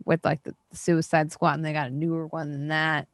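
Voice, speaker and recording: A woman's voice: low-pitched, flat delivery, a little fast, no room sound, clean studio sound, voice pushed down, natural voice. A woman voicing a nervous young male accountant at a party, hesitant and stammering with many fillers. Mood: eager. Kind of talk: tabletop role-play.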